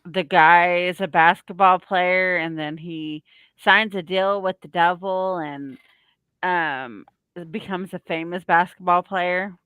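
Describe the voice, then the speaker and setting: A woman's voice: lowish voice, fairly even intonation, slow pace, fairly bright tone, clean tone, no room sound. A woman co-hosting a podcast, chatting enthusiastically. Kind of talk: casual chat.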